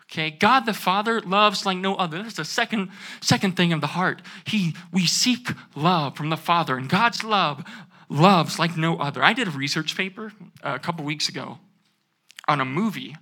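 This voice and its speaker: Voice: mid-range voice, lively intonation, normal speed, sharp tone, husky. A young adult student giving an earnest sermon, repeating key phrases and asking the audience to say them back. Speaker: student speaker.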